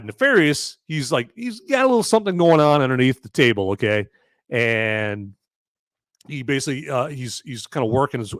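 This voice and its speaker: A man hosts a live movie-review stream in a loose, rambling style, tossing in fillers and asking "okay?" again and again. His voice sits at an ordinary middle pitch, recorded close and dry. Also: fairly bright tone, dry recording. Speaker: podcast host reviewing a film live. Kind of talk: casual live-stream recap.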